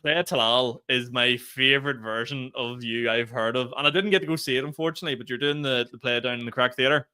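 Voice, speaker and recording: A man co-hosting a podcast in casual chat, upbeat and quick to laugh. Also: medium pitch, fairly even intonation, pushed and bright, clean tone. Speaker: podcast co-host.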